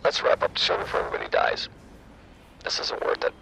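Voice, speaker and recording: A man's voice: quick pace, sharp tone, a little hiss or hum, close to an everyday voice, poor audio. A man voicing a timid, frightened man who whispers his lines. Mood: fearful. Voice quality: whispered, breathless.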